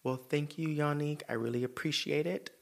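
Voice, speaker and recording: A man's voice: on the high side, fairly even intonation, moderate pace, creaky. A man hosting a podcast, giving blunt, profane advice in a sassy, emphatic way and turning earnest when he talks about himself. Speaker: podcast host. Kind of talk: casual advice chat.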